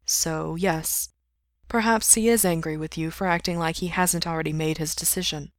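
Rich: A calm, wise male friend who talks gently and evenly, as a woman reading the story voices him. The voice sits low and soft. The sound is dry and close. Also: dry recording, natural voice. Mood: gentle. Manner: gentle, measured, reassuring.

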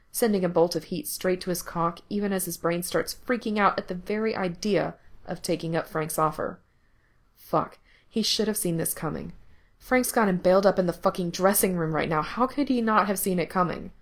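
A woman narrating a story aloud, steady and even as she moves through the scene. Her voice sits low and has a gravelly, fry-edged texture. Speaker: reader. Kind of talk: reading explicit fan fiction aloud.

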